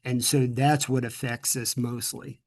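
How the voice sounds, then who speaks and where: A man's voice: mid-range voice, level tone, unhurried, gravelly. A middle-aged man from the United States, answering interview questions earnestly, often repeating words and restarting sentences. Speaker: guest speaker.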